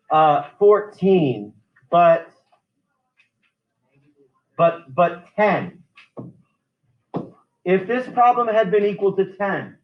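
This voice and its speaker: A math teacher with a fairly high voice walks his algebra class through a lesson step by step, frequently restarting his sentences. The audio sounds roomy and far off, as though captured from across the classroom on a muffled, lo-fi microphone.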